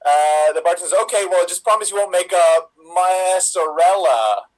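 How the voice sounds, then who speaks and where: A man, an improv player, telling jokes in a quick, punchy way. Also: sits high, poor audio.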